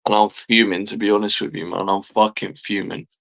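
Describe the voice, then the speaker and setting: A man's voice: lowish voice, fairly even intonation, a little fast, creaky, a bit bright. A man, delivering an exasperated, profanity-heavy fan rant as a football streamer, hammering his points home by repeating phrases. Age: 30s.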